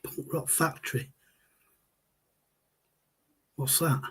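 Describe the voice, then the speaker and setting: A man's voice: fairly high pitch, steady tone, slow, fairly bright tone, husky. A man, hosting a casual livestream and rambling as he answers viewer chat. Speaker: livestream host.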